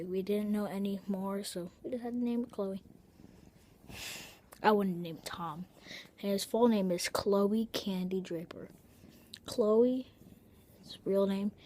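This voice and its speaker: In a home video, a woman with a warm, medium-pitched voice chats casually while showing off her pet. She rambles along, dropping breathy asides and correcting herself.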